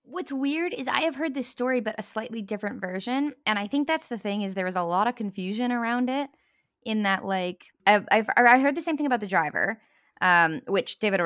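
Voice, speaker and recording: A woman's voice: a little high, lively intonation, fairly quick, a bit bright, dry recording, studio quality. A woman co-hosting a casual podcast, talking bluntly and conversationally with fillers. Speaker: podcast co-host. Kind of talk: casual chat.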